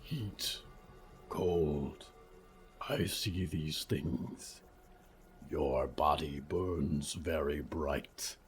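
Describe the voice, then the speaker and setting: A man voicing a towering, solemn frog creature who speaks slowly with a rumbling, hissing growl. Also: slightly rough, faint music behind, exaggerated voice. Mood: grave. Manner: slow, measured, formal speech.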